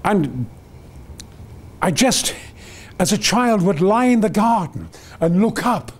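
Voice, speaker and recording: Older man in his 80s, rambling enthusiast, high-pitched with wide swings. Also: sing-song, slow, slightly rough. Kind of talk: reminiscing storytelling.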